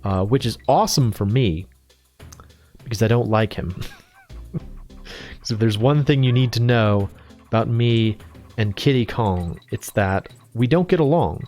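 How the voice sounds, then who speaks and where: A man's voice: lowish voice, animated, measured pace, long pauses, darkish tone. A man casually commenting on a video game as he plays, rambling, joking and self-deprecating. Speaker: let's play host. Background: faint game music.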